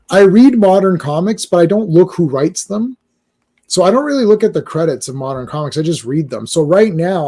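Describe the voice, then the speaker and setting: Rambling mellow-voiced man, comics chat. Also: a little high. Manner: rambling, stammers and repeats words. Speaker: comics podcast host. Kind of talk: casual chat while reading comics live.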